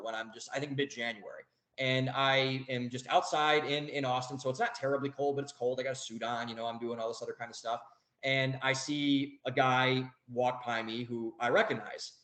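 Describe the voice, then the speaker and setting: A man's voice: medium pitch, a bit bright, echoey room, low-quality recording. A young man telling a story as a podcast guest, rambling, with many fillers and restarts. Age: young adult. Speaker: guest author. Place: home office.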